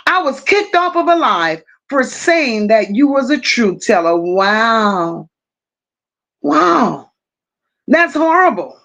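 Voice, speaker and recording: A woman with a high, fairly bright voice hosts a casual livestream, greeting viewers and reading their comments aloud. She's blunt but affectionate, calling her viewers "my love" and "boo."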